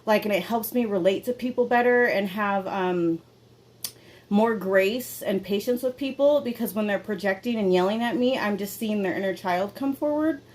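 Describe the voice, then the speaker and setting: A woman's voice: mid-range voice, moderate pace, a little mellow. A young adult woman hosting a casual confessional podcast at home, rambling candidly with lots of fillers and swearing. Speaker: podcast host. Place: indoor room at home.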